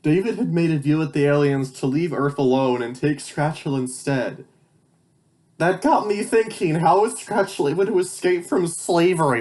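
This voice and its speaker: A man's voice: on the high side, unhurried, a little mellow. Young man reading old stories, sarcastic. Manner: incredulous, sarcastic, swearing asides. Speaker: channel host. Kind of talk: reading childhood stories aloud with commentary.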